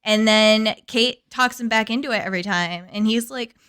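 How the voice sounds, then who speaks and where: A woman's voice: fairly high pitch, normal speed, fairly bright tone, clear, resonant tone. A woman co-hosting a podcast in casual chat, talking animatedly, acting out characters and laughing often. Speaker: podcast co-host.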